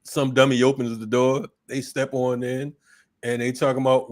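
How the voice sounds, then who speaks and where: A man co-hosting a morning talk show, telling stories in a profane, animated way. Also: mid-range voice, normal speed. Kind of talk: casual political chat.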